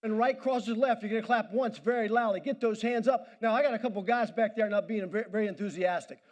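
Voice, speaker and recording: At a banquet hall, a motivational speaker with a high-pitched voice talks quickly, commanding the room and pumping up the crowd with an energetic speech.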